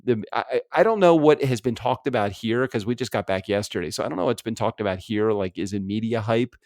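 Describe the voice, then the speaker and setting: A man's voice: medium pitch, a little mellow, no room sound, clean studio sound. An American man co-hosting a podcast in casual chat, rambling, laughing often and swearing freely. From United States. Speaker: podcast co-host. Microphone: remote podcast recording setup.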